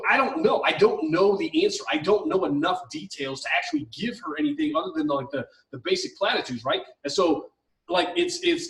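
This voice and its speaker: A man's voice: a little high, fairly bright tone, reverberant, distant mic, poor audio. A man co-hosting an advice podcast, ranting heatedly with lots of swearing and mocking impressions of the people he talks about. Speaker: podcast co-host.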